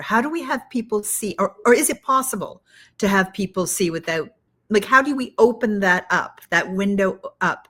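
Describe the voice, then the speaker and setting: A woman's voice: mid-range voice, a bit bright. A woman hosting an interview, restarting her sentences as she works out her questions. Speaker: podcast host. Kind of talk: interview conversation.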